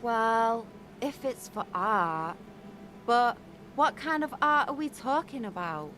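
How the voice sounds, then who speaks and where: A man's voice: very high-pitched, expressive, slow, bright, forceful tone, slight background noise, voice pushed up, exaggerated voice. A man voicing a snippy, rude young female muralist while reading a game aloud.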